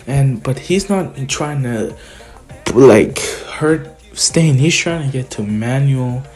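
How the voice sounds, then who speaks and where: A young man rambling through a story in a loose, casual way. His pitch is average, and faint music plays under his voice. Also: a little mellow. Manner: rambling, uses "he's like" a lot.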